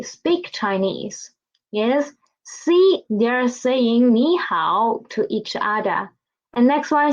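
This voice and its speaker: A woman's voice: sits high, lo-fi sound. A woman teaching a beginner language lesson, speaking patiently and repeating words for the listener to echo.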